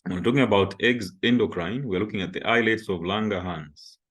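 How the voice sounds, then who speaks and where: Deep-voiced man lecturing on anatomy. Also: fairly quick, fairly bright tone. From Zambia. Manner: explains while pointing at a diagram, frequent "okay".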